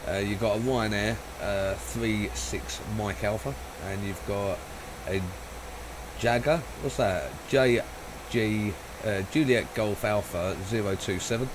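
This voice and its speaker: A man's voice: on the low side, slow pace, noisy background. A man live-streaming a flight simulator, chatting casually, rambling, swearing and laughing a lot.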